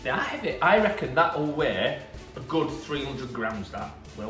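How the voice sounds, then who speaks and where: In a mid-range, sing-song voice at normal speed, a Yorkshire produce seller excitedly shows off his fresh wares in a casual demonstration. There's faint music, an echoey room and a distant mic.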